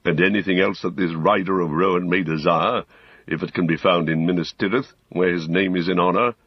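A man reading, voicing a kind, grave old male wizard who speaks in a measured, courtly way. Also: sits low, breathy edge, no echo, highs cut off. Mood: kindly.

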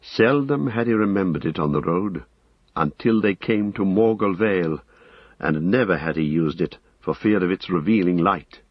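A man reading a fantasy novel aloud, measured and dramatic. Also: low voice, expressive, breathy edge, dry recording. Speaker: audiobook narrator. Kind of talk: scripted fantasy narration. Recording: slightly dull dry recording.

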